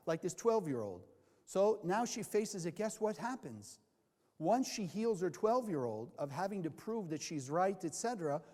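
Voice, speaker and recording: High-voiced man lecturing in a hall. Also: a little mellow. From California. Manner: asks the audience questions and answers them himself. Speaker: Kabbalah teacher. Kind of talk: lecture to a live class. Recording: long hall reverb.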